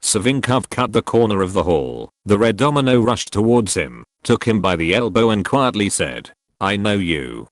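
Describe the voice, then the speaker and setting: Low-voiced man narrating a historical audiobook. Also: very animated, no echo, clean studio sound. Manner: measured storytelling. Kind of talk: scripted narration.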